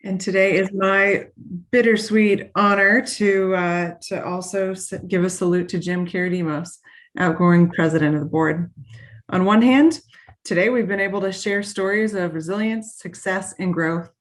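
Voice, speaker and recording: A woman's voice: mid-range voice, fairly even intonation. A woman, the head of a garden, giving a heartfelt tribute at an annual meeting, with small restarts. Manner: warm, heartfelt, slightly halting with restarts. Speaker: CEO of a garden. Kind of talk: formal meeting tribute speech.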